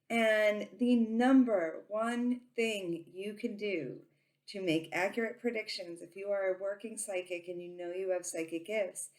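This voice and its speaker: A woman who reads tarot, talking casually to her viewers and saying she talks very loudly, with lots of ums and restarts. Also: lowish voice. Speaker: tarot reader and psychic. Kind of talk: casual informational talk to camera.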